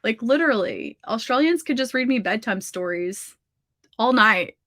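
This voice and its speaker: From her home office, a Southern-accented woman hosts a livestream writing sprint, chatting casually and reading viewer comments aloud while gushing and saying "like" constantly. Her voice is fairly high, animated, and a bit bright at a normal speed, in a dry, studio-quality recording.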